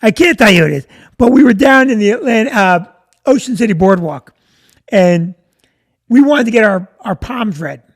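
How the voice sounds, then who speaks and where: A man's voice: high-pitched, animated, normal speed. A middle-aged man, a comedian telling stories to viewers on a live stream, rambling and stopping to greet people by name. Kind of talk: casual storytelling to viewers.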